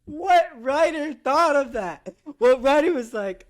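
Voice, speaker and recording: A woman co-hosting a podcast in casual chat, excitable and laughing as she recaps a show. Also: high-pitched, slow pace. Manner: excitable, laughing, lots of "bro". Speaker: podcast co-host.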